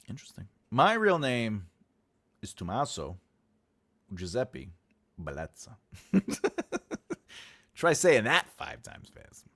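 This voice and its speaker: Middle-aged man, casual livestream host, playful, slow unhurried delivery, pitch leaping all over the place. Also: fairly bright tone. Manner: playful, laughs often, booming mock-epic proclamations.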